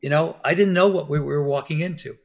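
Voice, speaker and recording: A middle-aged man telling stories as a guest on an interview, animated and acting out quoted lines. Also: a little high, fairly quick, creaky. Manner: animated storyteller, acts out quotes. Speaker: podcast guest, dentist. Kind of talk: conversational interview.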